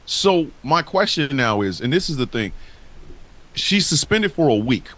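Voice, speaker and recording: A man talking wrestling on a podcast, cursing freely and hammering his points home. His voice swings widely in pitch as he rants, rising sharply when he gets worked up. He sits at a middling pitch for a man. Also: big pitch swings, measured pace, fairly bright tone. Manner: profane, heated and emphatic. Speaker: podcast co-host. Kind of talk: casual wrestling talk.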